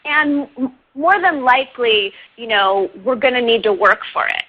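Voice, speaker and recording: A woman's voice: on the high side, normal speed. A woman guest on an interview show, chatting about writing in an upbeat, talkative way and laughing often. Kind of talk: casual interview talk. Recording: dull lo-fi online radio audio.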